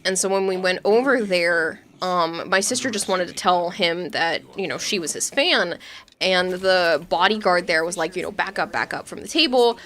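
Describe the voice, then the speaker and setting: A woman's voice: fairly low pitch, moderate pace, fairly bright tone. A young adult woman streaming, telling stories in a chatty way and laughing often. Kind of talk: casual gaming stream chat.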